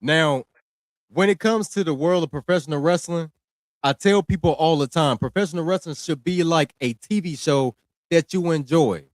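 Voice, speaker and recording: A man's voice: a little high, moderate pace, dry recording, studio quality. A young man hosting a wrestling podcast, ranting in a heated, slangy, scolding way. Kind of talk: casual ranting commentary.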